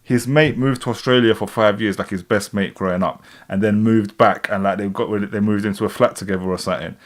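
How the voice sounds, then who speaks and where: A man's voice: on the low side, steady tone, quick pace. A man in his thirties with a London accent, chatting casually on a livestream and reading out comments, rambling with fillers and frequent laughs. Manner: rambling, laid-back, laughs often, many fillers and restarts. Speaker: rapper and livestream host.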